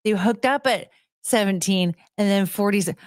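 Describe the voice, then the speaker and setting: A woman hosting her own show, chatting casually with viewers and cooing to her dogs in soft baby talk, laughing often and trailing off mid-sentence. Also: medium pitch, normal speed, no echo, studio quality.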